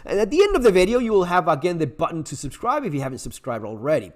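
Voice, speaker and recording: A man's voice: on the high side, big pitch swings, quick pace. A man hosting a survival channel, giving blunt, sarcastic commentary to camera, swearing freely and restarting his sentences as he rants. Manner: ranting, with frequent restarts.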